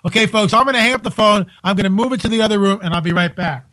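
Incredulous high-voiced male radio host. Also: sharp tone, rough recording. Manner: incredulous, exclaiming, rapid asides. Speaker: radio talk show host. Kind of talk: call-in radio commentary. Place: home.

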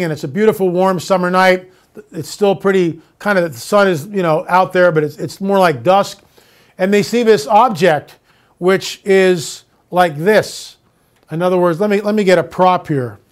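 A man hosting his own show, ranting with indignant repeated questions and then slowly building a story. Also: high-pitched. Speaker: show host. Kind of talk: monologue to viewers.

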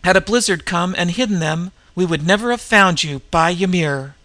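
A man voicing a gruff northern warrior. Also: high voice, normal speed, sharp tone, no room sound. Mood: urgent. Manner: gruff, grunting. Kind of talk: audiobook reading.

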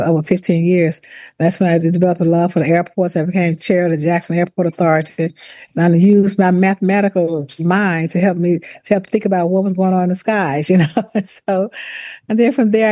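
A woman telling her story in an interview, speaking deliberately, with restarts and the odd laugh. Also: fairly low pitch, warm tone, no echo. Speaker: former university president, author. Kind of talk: interview, personal account.

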